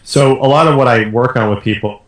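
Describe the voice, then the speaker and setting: A man's voice: medium pitch, fairly quick. A man speaking as a podcast guest in casual conversation, often restarting his phrases. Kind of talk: casual interview talk. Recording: roomy echo.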